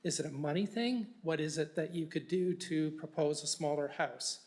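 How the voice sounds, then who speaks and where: A man's voice: a little high, moderate pace, darkish tone. A man speaking as a resident at a council meeting, joking at first and then asking pointed questions. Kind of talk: public comment. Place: council chamber.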